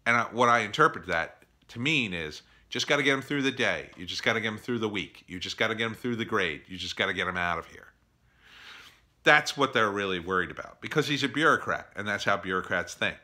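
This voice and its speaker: A middle-aged man telling a story in a casual opinion monologue, animated, acting out others in exasperated bursts. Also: fairly low pitch, a little fast.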